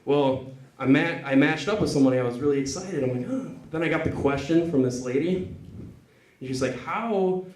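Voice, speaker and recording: A man performing a stand-up comedy set on a club stage, cursing and acting out callers in quick voices. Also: on the high side, animated, a little mellow. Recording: echoey club with crowd. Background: audience laughing.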